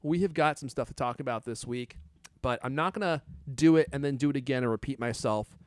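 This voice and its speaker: A man's voice: medium pitch, brisk, no room sound, clean studio sound. A man hosting a podcast, teasing his co-hosts and laughing often. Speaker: podcast host. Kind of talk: casual chat.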